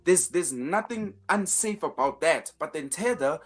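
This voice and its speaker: A man's voice: fairly high pitch, expressive, measured pace. A man hosting a finance show in casual commentary, emphatic, repeating words as he builds each point, with sarcastic asides.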